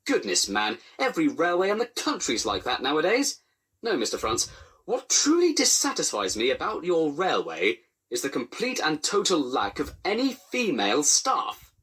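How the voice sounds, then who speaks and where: A man's voice: on the high side, wildly swooping pitch, moderate pace, a bit bright, husky, pitched above the performer's own voice, exaggerated voice. A man putting on a pompous spluttering inspector. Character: pompous fussy male railway inspector.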